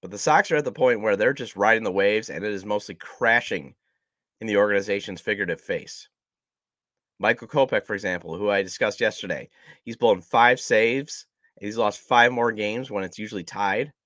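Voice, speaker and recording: A man's voice: fairly low pitch, moderate pace, a bit bright, no echo, studio quality. A man hosting a casual sports podcast, chatty and self-deprecating, his voice nasal from a cold. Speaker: podcast host.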